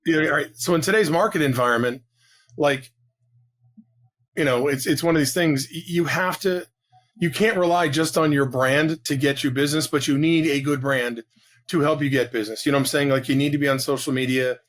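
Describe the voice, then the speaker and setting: A man in his fifties talks at a quick clip as a podcast guest, his voice sitting somewhat high for a man. He rushes through his story with animated energy, often restarting his sentences. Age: 50s. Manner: rapid, animated talker with frequent restarts. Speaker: guest, real estate agent. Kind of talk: casual interview storytelling.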